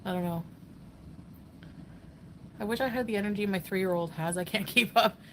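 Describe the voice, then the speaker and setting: A woman's voice: medium pitch, moderate pace, slight background noise, poor audio. A woman chatting casually on a live stream, giggling often and reading out viewer comments. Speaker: travel vlogger on a live stream.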